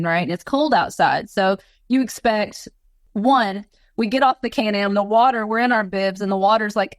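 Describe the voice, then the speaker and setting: A woman guest in an interview, telling stories in a rambling, animated way with lots of filler words. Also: medium pitch, no room sound. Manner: animated, rambling storyteller with many fillers and laughs. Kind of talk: casual storytelling interview.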